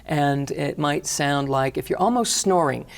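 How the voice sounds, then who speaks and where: Woman, middle-aged, low voice, gravelly, calm guided breathing instruction, interview guest. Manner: calm, slow guiding cues. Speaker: energy healing teacher, guest.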